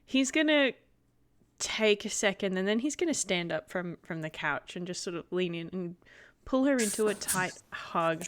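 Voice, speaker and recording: Casual woman player at a tabletop game, middle pitch, hesitant pacing. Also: expressive, moderate pace, a little hiss or hum. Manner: hesitant, describes actions.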